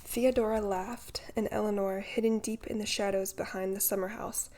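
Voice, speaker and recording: Gravelly woman narrating a novel. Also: mid-range voice, steady tone, normal speed, mellow. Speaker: audiobook narrator.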